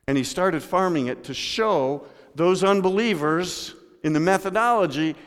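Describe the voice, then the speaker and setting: A man preaching a sermon in a church, moving between loud emphatic lines and low hushed ones and speaking to people in the room by name. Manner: addresses congregation members by name. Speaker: pastor. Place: church sanctuary. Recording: long hall reverb.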